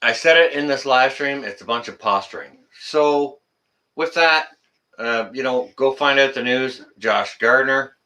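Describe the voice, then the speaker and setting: A man's voice: mid-range voice, a little slow, bright, forceful tone. A man hosting a casual live stream, rambling, teasing his guest and reading out viewer comments.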